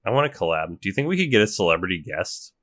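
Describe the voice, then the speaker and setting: A man co-hosting a podcast in a dry, deadpan and exasperated way. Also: sits low, fast. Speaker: podcast co-host. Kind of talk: casual chat.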